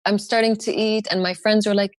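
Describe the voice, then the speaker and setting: Woman, young, animated storyteller, mid pitch, dry recording. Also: brisk, no echo. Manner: animated, acts out quoted voices in higher pitch. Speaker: podcast guest. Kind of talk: emotional personal storytelling.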